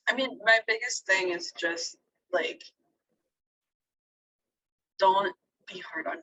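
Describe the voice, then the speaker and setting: Young woman, bright voice, gets teary and laughs while giving heartfelt advice. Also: medium pitch, slow, pauses often, far from the mic, poor audio. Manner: emotional, teary, laughing through tears. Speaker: interviewee. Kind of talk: casual interview.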